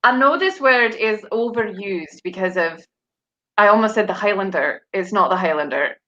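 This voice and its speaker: A woman co-hosting a casual chat, playful and quick to laugh. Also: mid-range voice, expressive, bright, forceful tone. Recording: dull lo-fi sound.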